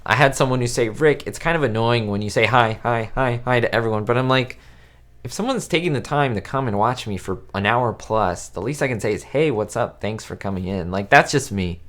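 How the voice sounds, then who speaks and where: A man's voice: medium pitch, animated, fairly quick, a bit bright. A man whose first language is Spanish, hosting a casual live-stream chat, rambling with fillers and restarts as he greets viewers by name. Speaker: YouTube host answering live chat. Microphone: webcam setup.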